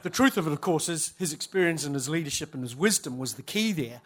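A man's voice: fairly high pitch, expressive, quick pace, a bit bright. A man, a church leader giving a humorous storytelling talk at a conference, chatty and self-interrupting, laughing at his own stories.

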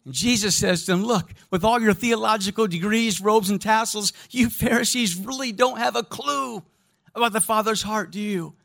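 A man with a high-pitched voice delivers a sermon. He tells stories with animation and talks right to the congregation, asking for their response. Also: moderate pace, creaky. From American Midwest. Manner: storytelling, animated, addresses congregation directly. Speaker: pastor.

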